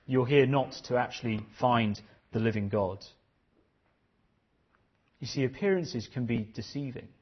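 A man's voice: medium pitch, measured pace, pauses often, breathy edge, muffled recording. A man preaching a sermon, earnest and questioning, often repeating his phrases.

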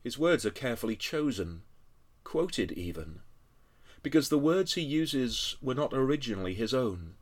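A man preaching a sermon, earnest and measured, building to emphatic high passages, with frequent "uh" fillers. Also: sing-song. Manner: earnest, rising to emphatic peaks with tag questions.

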